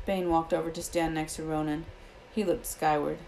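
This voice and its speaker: A woman reading a novel aloud as an audiobook, expressive and switching between character voices. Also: low-pitched, moderate pace, few pauses, slight background noise, rough recording. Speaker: reader.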